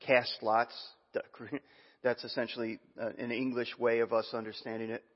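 A man preaching a sermon as pastor, reading scripture aloud with asides and some halting restarts. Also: mid-range voice. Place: church sanctuary. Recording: muffled, long hall reverb.

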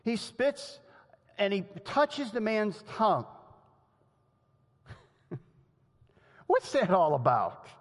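A man preaching a sermon in a lively, conversational way, often laughing and acting out the quotes he tells. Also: sits high, extremely slow, pauses often. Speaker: pastor. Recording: long hall reverb.

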